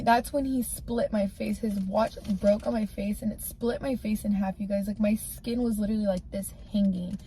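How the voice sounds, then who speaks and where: A woman's voice: fairly high pitch, mellow, a little hiss or hum. A woman candidly telling a personal story in a casual storytime, rambling and filling her talk with "like". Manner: candid, rambling, heavy use of "like".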